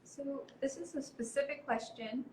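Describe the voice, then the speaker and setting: A woman with a slightly high voice reads out a viewer's question plainly. A clear rumbling noise runs underneath her. The sound comes from a phone live stream. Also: normal speed, darkish tone, roomy sound, rough recording. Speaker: assistant reading viewer questions.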